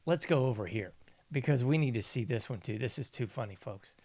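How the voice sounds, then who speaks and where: A man's voice: mid-range voice, lively intonation, brisk, mellow, no room sound. A man hosting a casual news commentary show, mocking and sarcastic, laughing often. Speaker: podcast host.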